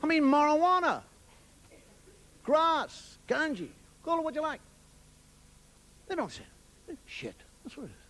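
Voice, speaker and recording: High, lively-voiced man doing stand-up. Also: a little slow, pauses often, a faint crowd. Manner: wry storytelling, puts on voices for quoted people. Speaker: stand-up comedian. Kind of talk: stand-up monologue. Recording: TV studio with audience laughter and noise. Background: audience laughing.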